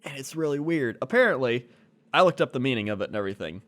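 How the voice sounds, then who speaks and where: Podcast co-host, a man of middle pitch, a rambling storyteller. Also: very animated, fast, a bit bright. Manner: rambling storyteller, filler-heavy, laughs easily. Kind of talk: casual comedic chat.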